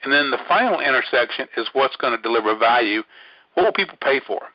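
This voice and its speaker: A man's voice: medium pitch, animated, quick pace, no room sound. A man hosting an online training webinar, talking casually and rambling with many fillers and restarts. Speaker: webinar host. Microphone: phone line. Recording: dull lo-fi dry audio.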